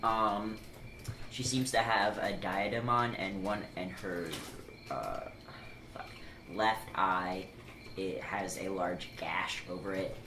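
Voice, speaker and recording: Slow, halting woman in an echoey room. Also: very deep voice. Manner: halting, many ums and swearing. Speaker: player. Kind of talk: casual tabletop chat. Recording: echoey room with background noise.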